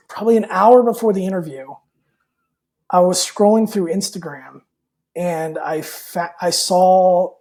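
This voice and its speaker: Mellow-voiced man telling a rambling story. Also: sits high. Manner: rambling, with many fillers and repeated words; candid and personal. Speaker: podcast guest. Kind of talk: casual storytelling in an interview.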